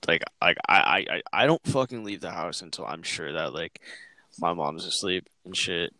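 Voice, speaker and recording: A man's voice: low voice, moderate pace, sharp tone, dry recording. A young man hosting a casual chat, telling a rambling story full of slang and swearing. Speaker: podcast host.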